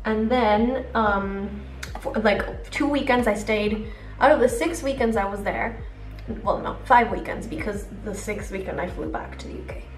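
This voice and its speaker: Here a young adult woman does her makeup while vlogging in a rambling, filler-filled get-ready-with-me style. Her voice is medium in pitch at a normal speed. There's roomy echo from a distant mic and some faint music.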